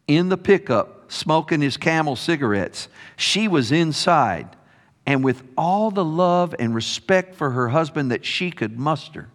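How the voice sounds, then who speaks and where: A man preaching a sermon as a story, slow and expressive, dropping his voice softly on key words. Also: fairly high pitch. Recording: long hall reverb.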